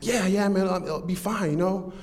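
A man voicing a jittery young hitchhiker who eagerly begs for a ride, his voice pitched up with stumbling repeats. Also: moderate pace, darkish tone, lightly acted. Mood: pleading.

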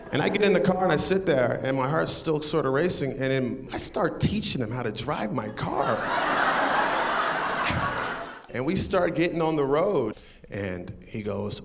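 A man, a comedian, telling a true story to a live audience in a relaxed, conversational way, chuckling now and then. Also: mid-range voice, normal speed, a crowd in the background.

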